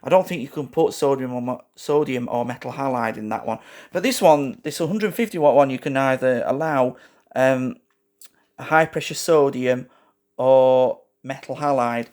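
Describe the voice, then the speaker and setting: A man rambling through a casual show-and-tell vlog, halting and correcting himself often, with frequent fillers and asides to his viewers. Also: mid-range voice, darkish tone. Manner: keeps addressing viewers as "guys". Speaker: lighting hobbyist vlogger.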